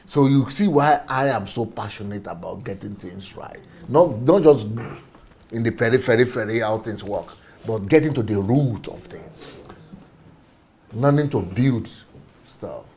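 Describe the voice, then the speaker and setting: A man's voice: lowish voice, lively intonation, unhurried, a little mellow, a little hiss or hum. A man giving a passionate preaching-style talk, emphatic, repeating key phrases and chuckling as he goes. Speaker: speaker on faith and systems.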